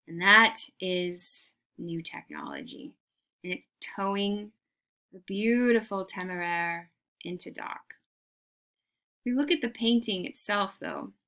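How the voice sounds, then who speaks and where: Bright, unhurried woman art teacher. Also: mid-range voice. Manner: enthusiastic, rhetorical questions to the class. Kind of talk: recorded classroom lecture.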